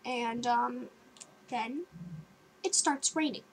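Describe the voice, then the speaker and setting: Give me a high-voiced young woman telling a story to her webcam. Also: slow, breathy edge. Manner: animated, jumpy storytelling with sudden gasps and loud outbursts; filler-heavy, with many likes and ums. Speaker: vlogger. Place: her bedroom at home.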